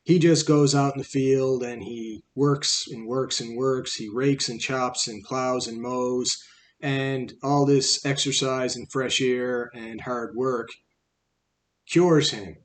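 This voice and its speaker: A man's voice: medium pitch, steady tone, slow pace, slight background noise, natural voice. A man casually voicing a grumbling female gout spirit in a retold fable, complaining in a rambling way.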